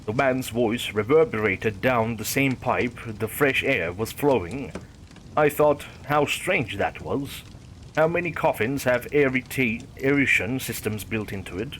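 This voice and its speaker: A man reading a first-person horror story aloud, in a measured storytelling manner. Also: medium pitch, animated, a bit bright, a little hiss or hum. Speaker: narrator. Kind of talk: scripted horror story narration.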